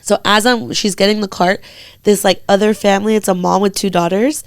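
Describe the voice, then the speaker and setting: Young woman podcast host telling a story, animated, swearing, doing the voices, dry close mic. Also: mid-range voice, fairly quick, smooth, no echo. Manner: animated, swears freely, acts out quoted voices. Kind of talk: casual storytelling chat.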